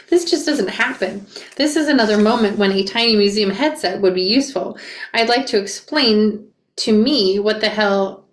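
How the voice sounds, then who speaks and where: A woman reading a memoir aloud and breaking off for quick asides and self-corrections. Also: mid-range voice. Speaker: reader reacting to a memoir. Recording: roomy echo.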